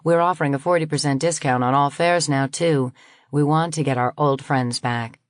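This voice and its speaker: A woman's voice: low voice, steady tone, moderate pace, dry recording, studio quality, lightly acted. A woman voicing a courteous young woman officer answering a call for an airline. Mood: polite.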